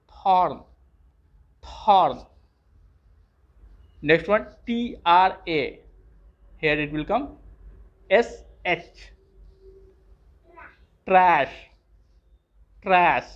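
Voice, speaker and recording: Slow, deliberate teacher spelling words aloud for small kids, dull lo-fi sound. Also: medium pitch. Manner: spells words letter by letter, then says each word clearly. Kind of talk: slow phonics lesson for young children.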